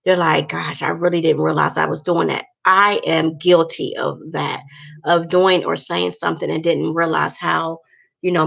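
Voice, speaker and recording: A woman's voice: low voice, gravelly, a bit bright, muffled recording. A woman talking candidly and bluntly to her viewers in a casual vlog, cursing freely and using lots of fillers. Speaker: vlogger.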